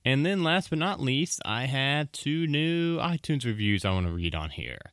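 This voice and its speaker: Male podcast host, rambling and apologetic, smooth tone, dry booth sound. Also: mid-range voice, animated, a bit bright, no room sound. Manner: rambling, apologetic, fast announcements. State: out of breath. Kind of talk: casual podcast outro.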